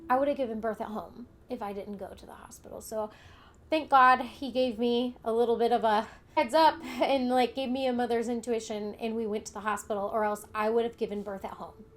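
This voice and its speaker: With a slightly high, steady voice and a fairly quick pace, a young adult woman vlogger shares a personal story candidly. She keeps it conversational, retelling events and acting out what others said in quoted dialogue.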